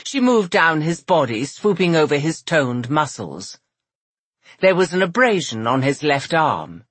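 A woman narrating a romance audiobook with a measured, expressive reading. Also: deep voice, slightly rough, dry recording.

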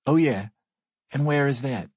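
A man voicing a boastful male big-game hunter with a New Zealand accent, loud and gleeful. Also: mid-range voice, unhurried, husky, no echo, dull audio, voice pushed up. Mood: skeptical.

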